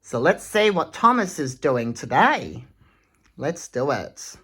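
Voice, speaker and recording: A woman reads a children's picture book aloud in a slow, sing-song manner. Her voice sits somewhat low but swings with lively melody, and she takes her time over every line. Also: husky. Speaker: storytime reader.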